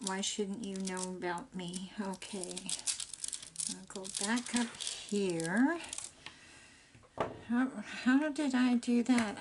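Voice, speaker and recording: A woman's voice: medium pitch, background noise. An older woman chatting in a rambling, homey way while she works on a craft project. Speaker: craft vlogger.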